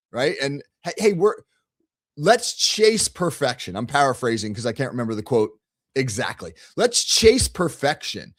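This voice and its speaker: A middle-aged man, a coach hosting a show, talking bluntly and emphatically, repeating key phrases and restarting his sentences. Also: on the high side. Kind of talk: energetic coaching talk to camera.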